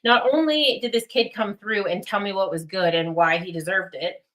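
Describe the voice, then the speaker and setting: A young woman hosting a casual livestream, rambling with many fillers and getting excited. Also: medium pitch, normal speed. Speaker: livestream host.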